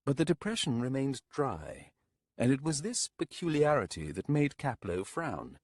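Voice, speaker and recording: A man narrating an audiobook in a measured, descriptive storytelling manner. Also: medium pitch, sing-song, darkish tone, no echo, clean studio sound. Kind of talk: scripted narration.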